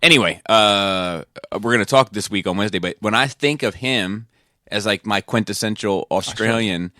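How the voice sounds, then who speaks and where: A man with a lowish, bright, forceful voice, chatting on a podcast. He jokes around, swings widely in pitch and drops into mock accents, recorded dry and close. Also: moderate pace, no room sound. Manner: animated, jokey, slips into put-on accents. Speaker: podcast co-host. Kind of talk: casual chat.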